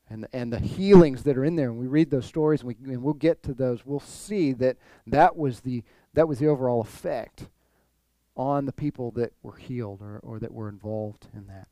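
A man preaching a sermon, animated, repeating his phrases and acting out the people he quotes. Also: medium pitch, no room sound. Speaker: pastor.

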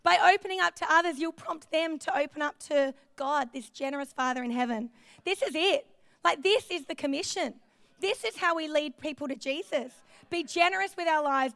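High, gravelly woman preaching. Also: no echo. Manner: chatty, self-deprecating, animated storytelling. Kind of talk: sermon with personal stories. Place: church.

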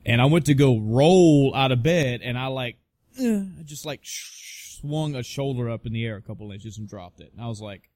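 A man spins a casual personal anecdote, cursing often and stumbling over restarts as he goes. His voice sits at a middling pitch. The recording is dry, with no room sound. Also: moderate pace, a little mellow, dry recording. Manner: profane, rambling with frequent restarts. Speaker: storyteller.

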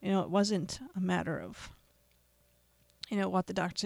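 Gravelly, earnest podcast host preaching. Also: mid-range voice, steady tone, no room sound. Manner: earnest, preacherly, with pauses and repetition. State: emotional. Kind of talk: emotional gospel appeal.

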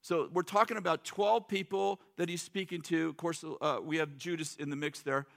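A man's voice: a little high, steady tone, normal speed, vocal fry, a bit bright. A middle-aged man preaching a sermon in a loose, joking, conversational way, acting out quotes. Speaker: pastor.

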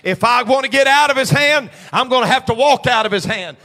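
High, bright-voiced preaching pastor. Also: male voice, fairly quick, in a large hall. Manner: swings from low murmurs to shouted, sing-song preaching cadence. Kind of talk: pentecostal-style preaching sermon. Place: church midweek service.

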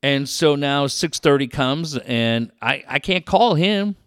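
A middle-aged man telling radio stories in casual chat, animated and profane, laughing often. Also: a little high, slow, smooth, no room sound, clean studio sound.

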